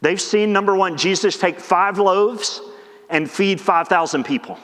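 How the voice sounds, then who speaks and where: High-voiced pastor preaching in a reverberant church. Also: male voice, a bit bright. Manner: conversational preaching, acts out the disciples in quick asides. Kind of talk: sermon. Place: church sanctuary. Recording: long church hall reverb.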